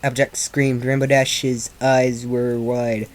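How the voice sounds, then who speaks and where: A man reading a story aloud at a slow, careful pace. He stumbles and restarts often in an unpolished, amateur delivery. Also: mid-range voice, level tone. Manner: slow, halting, with slips and restarts. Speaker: fan fiction reader.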